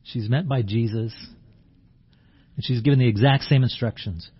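A man's voice: medium pitch, moderate pace, pauses often, highs cut off, a little hiss or hum. A man preaching a sermon in a conversational way, acting out the scene and often restarting his words. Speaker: pastor.

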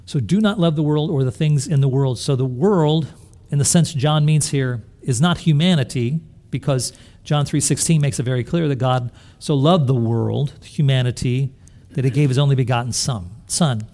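A man delivering a sermon as a pastor, his voice mellow and warm, at an even middle pitch. He speaks earnestly and puts rhetorical questions to the congregation. He often restarts and repeats words as he works through his thoughts. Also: normal speed. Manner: restarts and repeats words while thinking aloud.

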